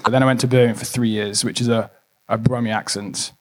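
A man's voice: mid-range voice, fairly even intonation, fast talker. A British man in his twenties with a mixed northern English and Cardiff accent, a podcast guest chatting casually with jokes. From England and Wales. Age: 20s. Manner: rambling, jokey and self-deprecating.

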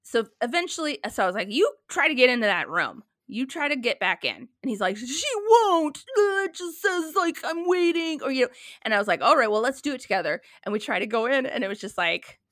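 A woman in her thirties in casual chat, telling a story with lively quoted dialogue. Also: on the high side, fast, no room sound, studio quality.

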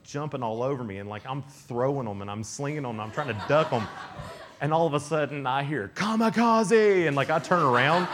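A young man delivers a youth camp sermon in a lively storytelling way. He slips into voices for the people in his stories and laughs often along the way. His pitch sits in the middle for a man. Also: a little hiss or hum. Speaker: youth speaker.

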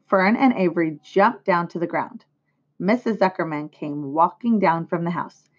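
Female teacher narrating a storybook, measured read-aloud, muffled lo-fi recording. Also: lowish voice. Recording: dull lo-fi recording.

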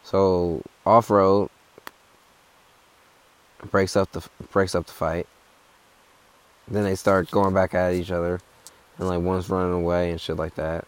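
A man's voice: sits low, flat delivery, unhurried, long pauses, smooth. A young man telling a hiking story in a laid-back, rambling, profane way. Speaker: hiker. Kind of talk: casual storytelling.

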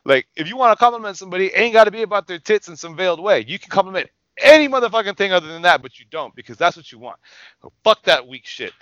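A man's voice: sits high, expressive, rapid-fire, sharp tone, no echo, dull audio. A man co-hosting a casual talk show, ranting in a heated, profane, emphatic way. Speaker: podcast co-host.

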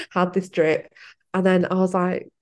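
A young woman tells a personal story in a relaxed interview. Her voice sits a little low, and she talks in a chatty way, laughing often. She acts out what she and others said at the time. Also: unhurried. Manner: chatty, laughing often, acting out her own past lines. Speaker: podcast guest.

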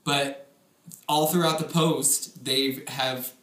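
A woman's voice: rumbling low, fairly even intonation, slow, a bit bright, reverberant. A woman co-hosting a casual podcast, swearing freely and laughing while mocking personal ads she reads aloud. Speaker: podcast co-host.

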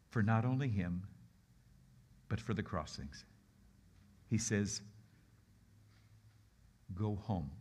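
A man preaching a sermon as a guest speaker, telling the story with lively energy, acting out the characters' voices and swinging between loud bursts and hushed, slow lines. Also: on the low side, husky.

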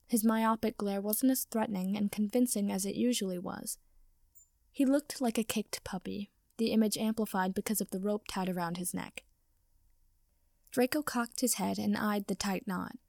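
A woman reading a story aloud as narrator, in a steady storytelling manner. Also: mid-range voice, creaky, no room sound, studio quality. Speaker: audiobook reader. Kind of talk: fan fiction reading.

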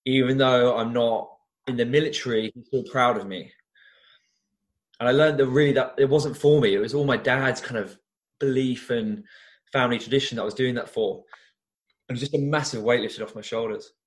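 An earnest young Englishman speaking as an interview guest and telling personal stories at an ordinary, mid-range pitch. He gets animated and often restarts his sentences as he talks. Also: moderate pace. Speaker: guest, former teacher and youth coach. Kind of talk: conversational interview storytelling.

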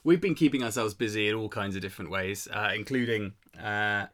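A man's voice: fairly low pitch, a little fast, a bit bright. Upbeat man, casual stream co-host, chatty and friendly. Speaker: radio show co-host. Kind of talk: casual live-stream chat.

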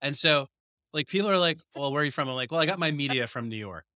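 A man's voice: on the high side, lively intonation, fast, sharp tone, no echo, clean studio sound. A man from New Jersey co-hosting a podcast, talking in a chatty, rambling way. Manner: chatty, rambling, lots of fillers. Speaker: podcast co-host. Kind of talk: casual podcast chat.

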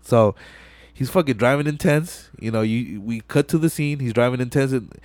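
Recorded with studio quality and no room sound, a young podcast host speaks at normal speed in a medium-pitched voice. He retells a movie scene by scene, slangy and profane, as lively, animated storytelling.

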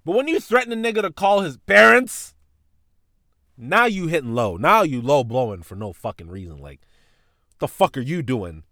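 Man, podcast host, casual storytelling, lively swinging pitch, dry close sound. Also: moderate pace, no room sound. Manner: animated, profane, voices his teacher and mom in retelling.

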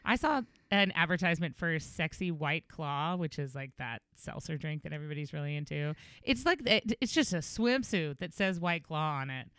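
A woman's voice: sits low, animated, normal speed, hardly any pauses, fairly bright tone, clean tone, dry recording, studio quality. A woman chatting casually as a podcast co-host, rambling through stories with frequent giggles. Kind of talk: casual chat.

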